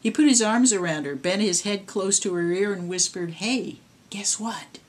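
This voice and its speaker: A woman, the author, reading her own horror story aloud in a measured storytelling way. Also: mid-range voice.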